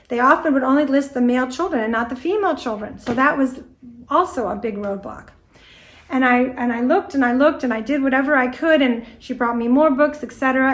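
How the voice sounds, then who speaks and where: A middle-aged American woman giving a lively storytelling talk about a research trip, acting out bits of dialogue as she goes. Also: sits high. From United States. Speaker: guest speaker on antique doll history. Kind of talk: storytelling presentation.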